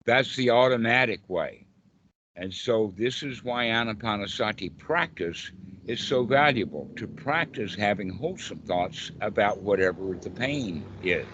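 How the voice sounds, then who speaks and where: An older man speaks as a meditation teacher in an informal talk, calm and unhurried. His tone stays reassuring throughout. The recording sounds a little dull and lo-fi. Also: on the low side, a little hiss or hum.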